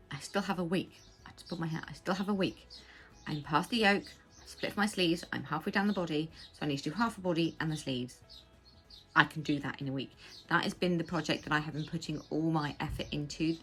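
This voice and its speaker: An English woman chatting casually as the host of a knitting podcast, rambling with quick asides. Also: on the low side. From England. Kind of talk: casual chat. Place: home.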